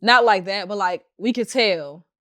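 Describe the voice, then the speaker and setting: A podcast host, this young woman tells a story casually and animatedly, laughing often and acting out what others said. Her voice is medium in pitch and she speaks a little slowly.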